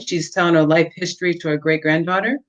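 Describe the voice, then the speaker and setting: A woman author reading excerpts from her own novel at a measured pace, with a few fillers in between, heard through dull lo-fi audio. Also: deep voice, fairly even intonation.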